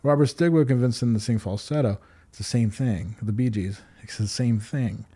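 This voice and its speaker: A man co-hosts a casual podcast, talking with excited energy, swearing freely and filling his sentences with "like." His voice is warm and mellow, with a relaxed, darker tone. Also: mid-range voice, normal speed, husky. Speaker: podcast co-host. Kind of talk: casual chat reacting to music videos.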